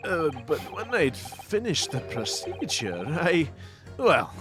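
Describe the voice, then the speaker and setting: A man's voice: fairly high pitch, sing-song, takes it slowly, over music. A man voicing a bumbling male surgeon with a Scottish accent, talking in a hesitant, sheepish, stammering way.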